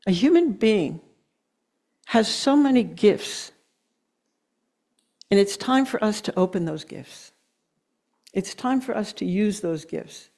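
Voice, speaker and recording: A middle-aged woman giving an earnest, emotional sermon, slowing down to press her points and laughing at herself now and then. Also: mid-range voice, expressive, a little mellow. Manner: earnest, emotional, with slow emphatic stretches and laughs. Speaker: guest speaker.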